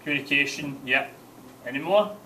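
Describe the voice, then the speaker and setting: A man teaching a relaxed revision lesson in a classroom, quizzing his pupils. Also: on the high side, moderate pace, distant mic, a little hiss or hum, poor audio.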